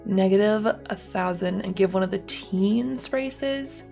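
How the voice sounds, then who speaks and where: A woman's voice: mid-range voice, takes it slowly, creaky, warm tone, faint music behind. A young woman giving rambling, casual commentary on her own gameplay, full of ums and likes. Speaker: gaming YouTuber.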